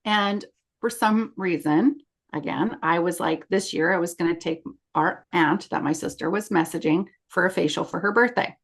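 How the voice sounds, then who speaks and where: A middle-aged woman co-hosting a podcast, telling a story in casual chat and acting out the quoted lines of others. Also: fairly low pitch. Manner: chatty, acts out quoted dialogue. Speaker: podcast co-host.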